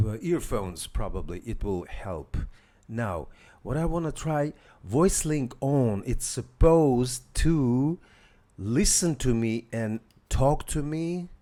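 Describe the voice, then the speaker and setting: A man's voice: mid-range voice, darkish tone. A man hosting a casual live demo, hesitant, with many fillers and restarts while talking to viewers. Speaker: tech demo host.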